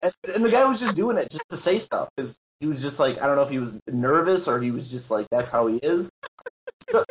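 A man's voice: a little high, fairly quick, poor audio. A man telling a story in a casual podcast chat, acting out what others said and laughing often. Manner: animated, acts out quotes, laughs often. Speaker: guest, Magic tournament player.

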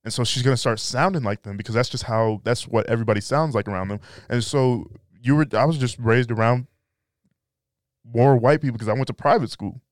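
A man's voice: mid-range voice, a little fast, dry recording, studio quality. A young man hosting a podcast, chatting casually and joking in a laid-back way. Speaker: podcast host. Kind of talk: casual chat.

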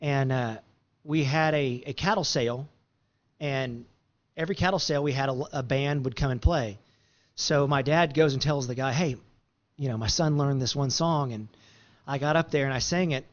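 A man's voice: medium pitch, moderate pace, muffled recording. A man telling a long story in a rambling, easygoing way, full of fillers and restarts. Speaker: guest musician. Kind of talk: casual storytelling.

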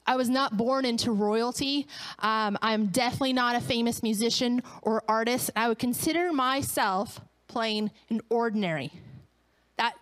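A woman pastor delivers a sermon in a smooth, clear voice that sits a little high. She tells her stories with animation, acting out the voices of the people in them. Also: moderate pace, a bit bright. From Canada.

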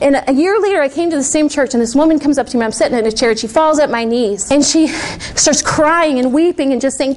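Animated high-voiced woman preacher. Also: a little hiss or hum. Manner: animated storytelling, laughs often. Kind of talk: sermon with personal story. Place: church service with congregation.

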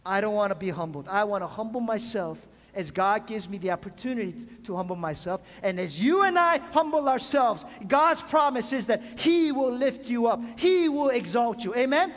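A pastor with a very high, expressive voice preaches at a moderate pace, barely pausing. In a church sanctuary with long hall reverb, he asks the congregation questions and calls for amens.

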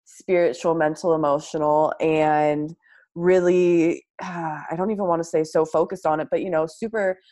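Low-voiced reflective woman. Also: steady tone, normal speed, mellow. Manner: affirming, reflective. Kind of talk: casual spiritual chat.

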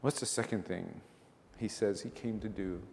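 A man's voice: lowish voice, normal speed, creaky, a little mellow, in a large hall, a little hiss or hum. A male pastor giving a conversational sermon, asking rhetorical questions and pressing his points with emphasis.

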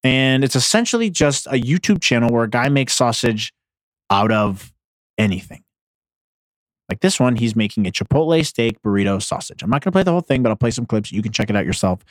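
A man's voice: mid-range voice, lively intonation, fairly quick, no echo, clean studio sound. A man hosting a casual comedy podcast, reacting to online posts with blunt, sarcastic, profane commentary. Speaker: podcast host. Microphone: headphones on, close mic.

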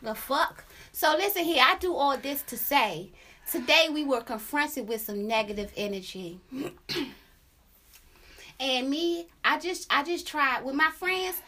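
A young adult woman hosting a podcast, telling a story in casual chat, animated and profane, with sung la la la asides. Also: high voice, a little slow. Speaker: podcast host.

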